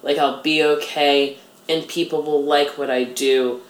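A woman in her thirties talks through an interview in a loose, chatty way, peppering everything with "like" and poking fun at herself. Her voice sits a little low, and the room around her is echoey. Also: little pitch movement, measured pace. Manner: chatty, self-deprecating, heavy use of "like". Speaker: interview guest. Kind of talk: casual interview chat.

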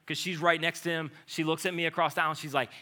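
A man in his thirties preaching a sermon, swinging between loud urgent stretches and hushed low passages. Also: little pitch movement, very fast. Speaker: pastor.

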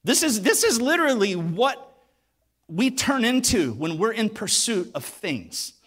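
High, lively-voiced man preaching. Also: measured pace. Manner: animated storytelling with acted voices; emphatic, repeats words for weight. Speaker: pastor. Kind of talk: sermon.

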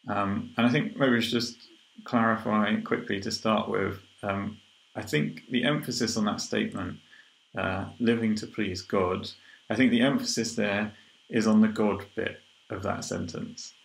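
A man giving an informal sermon. He reads scripture aloud and then explains it in a relaxed way, thinking aloud with frequent ums and restarts. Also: on the low side, a little slow, gravelly. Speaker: preacher. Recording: roomy echo.

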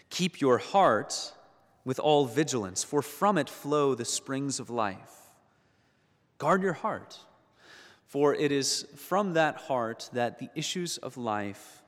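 Male pastor, mid-pitched, sermon delivery, earnest with emphatic peaks, long church reverb. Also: lively intonation, slow, long pauses. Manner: earnest, building to emphatic peaks on key points; repeats words while searching for phrasing. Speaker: preacher.

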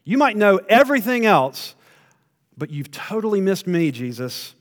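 A man's voice: fairly high pitch, lively intonation, moderate pace, in a large hall, close to an everyday voice. A man voicing a proud male disciple who protests that he could never fail. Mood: offended protesting. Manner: indignant, protesting. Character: proud, boastful male disciple insisting he's different.

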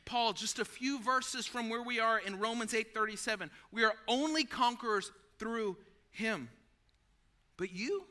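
A male pastor preaching a sermon in a conversational, animated way, talking to listeners as friends and acting out scenes from a story. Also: very high voice.

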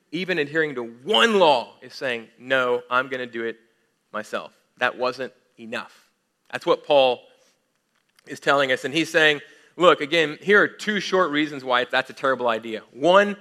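Bright-voiced man preaching earnestly. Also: medium pitch. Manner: earnest, emphatic preaching with frequent restarts. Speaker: pastor. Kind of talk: sermon.

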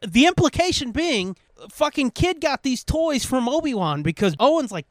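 High-voiced profane podcast man. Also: sing-song, moderate pace, no room sound, studio quality. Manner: profane, rambling, reads sponsor list. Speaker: podcast co-host. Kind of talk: casual chat.

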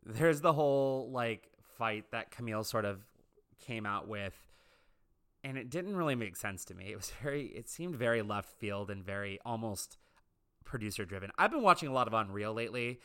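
Man, chatty reality TV gossip, bright clear voice, opinionated. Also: fairly low pitch, animated, moderate pace. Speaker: reality TV commentator. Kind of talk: casual commentary monologue.

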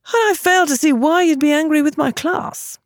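A woman voicing a composed aristocratic gentleman who speaks mildly and evenly. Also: high-pitched, moderate pace, dry recording, studio quality, voice pushed up, natural voice. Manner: mild, even, unruffled.

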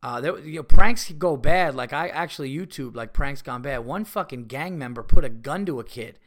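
A man hosting a podcast, telling rambling stories in casual chat. He swears often and gets loud and excitable. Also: mid-range voice, normal speed. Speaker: podcast host and comedian. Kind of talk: casual storytelling monologue.

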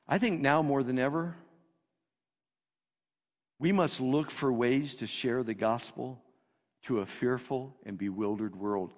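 A male pastor preaching a sermon, emphatic and repetitive, swinging between loud declarations and hushed lines. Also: mid-range voice. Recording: long reverb of a hall.

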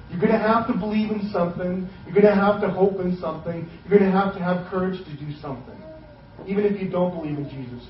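A man with a high voice preaches a sermon, casual and joking as he retells scripture in plain, everyday words. He sounds set back from the microphone in a roomy, echoing hall, and the sound is a little dull. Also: far from the mic, a little hiss or hum. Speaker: pastor.

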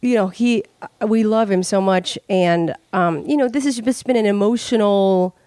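A woman's voice: mid-range voice, moderate pace, mellow. A woman hosting a podcast in casual chat, rambling with many fillers and restarts and swearing freely. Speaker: podcast host.

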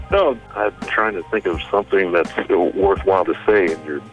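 A man with a very low voice answers interview questions in a relaxed, joking way. His pitch swings widely as he talks, and he laughs easily. Faint music plays underneath. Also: dull audio. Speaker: musician guest. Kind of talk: casual interview.

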